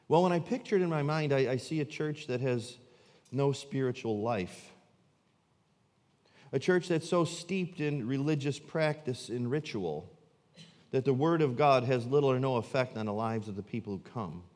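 Man preaching, dramatic, loud then hushed, long hall reverb, mid pitch. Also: animated, moderate pace. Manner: dramatic swings between loud emphasis and hushed low delivery. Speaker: pastor. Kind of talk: sermon.

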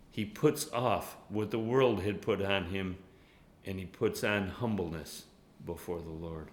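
A male pastor with a low voice gives an animated sermon, chuckling often and speaking prayers softly. The room is echoey, with a faint hum behind him. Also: a little slow. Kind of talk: sermon with Bible study.

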